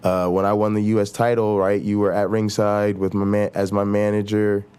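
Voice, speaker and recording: A fired-up man hosting his own show, venting at length in a lowish voice. He circles back, repeats himself for emphasis, and stumbles through restarts as he gets heated. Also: level tone, normal speed, darkish tone, smooth. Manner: heated, repetitive, talks in restarts and mock quotes. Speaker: show host. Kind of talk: ranting casual talk show monologue.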